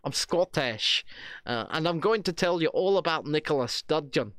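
A man's voice: fairly high pitch, lively intonation, moderate pace, a bit bright, dry recording. A man parodying a prim, posh male news presenter in a mock-formal broadcaster voice.

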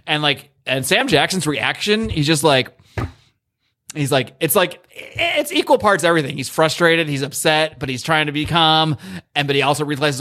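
A man's voice: on the high side, a little fast, a bit bright. A man co-hosting a podcast, giving rambling, opinionated takes in casual chat, swearing freely and often restarting his sentences. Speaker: podcast co-host. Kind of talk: casual chat reviewing a TV show.

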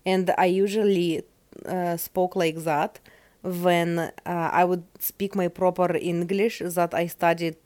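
Russian accented woman hosting her podcast, rambly, kinda low voice, dry close sound. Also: darkish tone, dry recording. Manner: rambling, searches aloud for words. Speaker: podcast host. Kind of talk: casual solo podcast talk.

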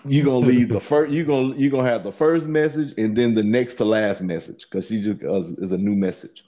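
A man's voice: medium pitch, brisk, warm tone, muffled recording. A man co-hosting a podcast, teasing his partner with laid-back banter. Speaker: podcast co-host. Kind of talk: casual chat.

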